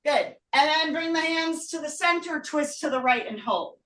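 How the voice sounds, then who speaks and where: A woman's voice: high voice, normal speed, a bit bright, a little hiss or hum. A woman teaching a live online yoga class while doing the poses herself, giving short breathing and pose cues and sounding out of breath. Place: home room. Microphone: video call. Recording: echoey room, voice from far off.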